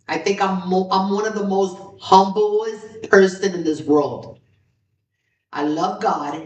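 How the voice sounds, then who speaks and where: Exuberant woman host in a roomy space. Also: recorded from a distance. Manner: exuberant, repeats phrases, swings from low to high excited exclamations. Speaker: podcast host. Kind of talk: casual solo talk. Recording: roomy, from off the mic.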